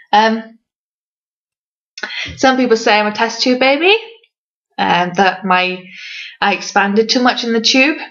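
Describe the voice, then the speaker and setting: A woman's voice: medium pitch, fairly bright tone, lo-fi sound. A woman from Wales with a fairly neutral English accent, an author answering reader questions in a casual vlog, hesitant with many ums and light self-mocking laughs.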